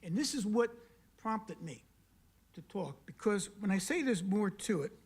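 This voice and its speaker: A husky, high-sitting voice belongs to a South Carolina man addressing a county council meeting in its chamber. He's animated but measured in pace, pressing his public comment with pointed questions and repeated key words.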